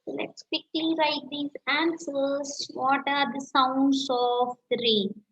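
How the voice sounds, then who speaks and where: A woman teacher with an Indian English accent, slowly dictating answers in a class lesson and repeating phrases as she writes. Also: high-pitched, fairly even intonation, fairly bright tone. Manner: slow, repeats phrases while writing answers. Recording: echoey room, dull lo-fi sound, faint noise.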